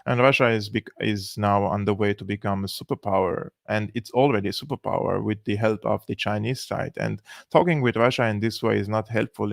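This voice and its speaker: A man's voice: on the low side, vocal fry, a bit bright, no room sound, clean studio sound. A man hosting a political commentary channel, talking casually and sarcastically with many fillers. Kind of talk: casual commentary on played clips.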